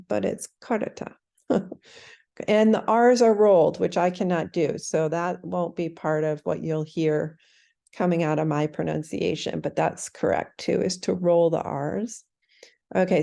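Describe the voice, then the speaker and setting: A woman teaching the pronunciation of a sacred text, thoughtful and self-correcting, stretching words out slowly when she demonstrates them. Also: deep voice, vocal fry, dark tone.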